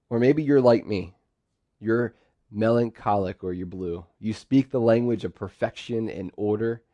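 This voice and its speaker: A man with a fairly low voice delivers a sermon in a close, dry recording. He talks in a lively way and now and then acts out quoted phrases in sudden bursts. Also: unhurried, no room sound, dull audio. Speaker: pastor.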